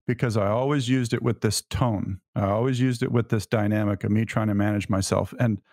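A man's voice: on the low side, fairly even intonation, a little fast, darkish tone, no room sound, studio quality. A middle-aged man co-hosting a faith podcast, telling a personal story in an earnest, reflective way. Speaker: podcast co-host.

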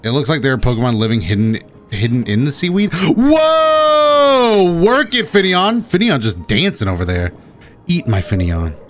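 A man streaming a game, commentating with excitement, often gasping and shouting at the creatures on screen. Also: lowish voice, a little fast, a little hiss or hum. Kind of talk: excited let's-play commentary.

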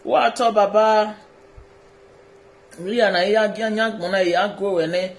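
A man's voice: high-pitched, fairly even intonation, measured pace, slight background noise. A man from Edo State, Nigeria, with a Nigerian accent, recording a direct-address video message. He pleads in a deferential way, repeats his phrases and mixes pidgin with colloquial English. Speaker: social media personality.

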